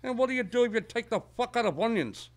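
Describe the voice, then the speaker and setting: Man doing a shopkeeper who has run out of patience, lively and pitched up. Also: quick pace. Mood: exasperated. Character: exasperated male shopkeeper.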